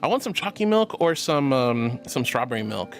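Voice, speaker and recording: Her voice is a rumbling low, very animated and at normal speed, set against soft background music. The young woman, streaming as a VTuber, bubbles with affection as she reads chat and thanks viewers by pet names like "sweetie."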